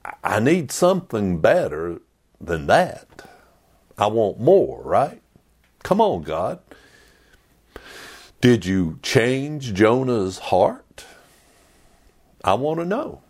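A male pastor preaching a sermon in an animated, conversational way with playful asides. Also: medium pitch.

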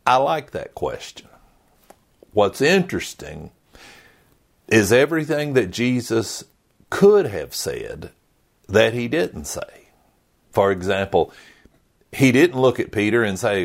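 Slow, lively-voiced male pastor preaching. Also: fairly low pitch, gravelly. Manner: earnest, preaching with lively rises and falls. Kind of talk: sermon.

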